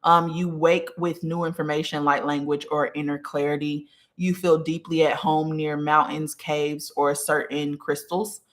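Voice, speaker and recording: A spiritual teacher streams live, teaching from notes in an easygoing way, often asking "okay?" and welcoming viewers mid-lesson. Their speech is medium-pitched and level, a little slow with few pauses, and a bit bright. The setting is a small room with incense and a candle burning.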